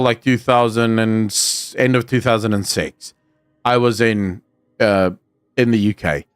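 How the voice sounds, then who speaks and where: A blunt, rambling man, speaking in casual commentary. His voice sits at an ordinary middle pitch and keeps restarting sentences. The sound is dry and close, with faint music playing underneath. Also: smooth, no echo. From South Africa. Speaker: streamer host.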